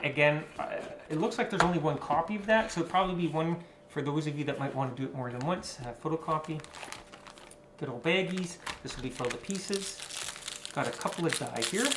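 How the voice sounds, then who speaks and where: A man giving casual, rambling commentary while unboxing a board game, with lots of fillers and asides. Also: on the high side. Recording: echoey room with faint noise.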